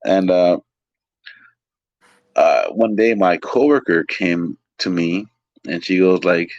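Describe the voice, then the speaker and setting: A man from Lake Tahoe, California, recounts his waiter stories in easy, casual talk. His voice sits low, and he slips in other people's voices as he goes. The recording is dry and a little dull. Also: slow pace, pauses often, dry recording. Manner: animated, acts out quoted people, swears casually. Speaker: interview guest, waiter. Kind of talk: casual storytelling.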